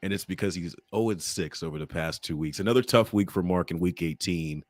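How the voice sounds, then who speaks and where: A man hosting a sports podcast in casual chat, playful and teasing and quick to laugh. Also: deep voice, dry recording, studio quality. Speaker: podcast host.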